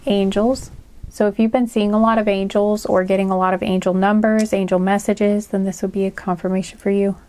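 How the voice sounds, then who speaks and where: Mellow-voiced woman giving a tarot reading. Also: medium pitch, level tone, fairly quick. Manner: rambling and chatty, with many fillers. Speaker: tarot reader. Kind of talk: casual spoken tarot reading.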